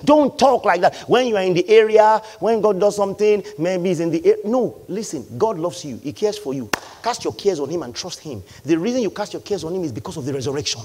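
A man preaches a sermon in a high, animated voice. His pitch swings widely as he hammers home key lines. He slips into the voices of his listeners to make his point. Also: fast, few pauses, a little hiss or hum. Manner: emphatic preacher, repeating lines and acting out the congregation. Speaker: pastor.

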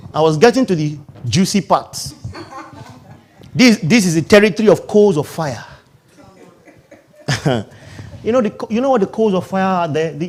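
A man preaching a sermon, switching between loud calls to the congregation, low asides and laughter. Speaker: pastor.

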